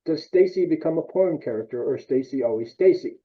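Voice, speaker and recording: A male interviewer with a husky, fairly high voice puts direct, provocative questions to his guest and drops his voice low on the bluntest. His recording sounds dull and muffled. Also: expressive, a little fast.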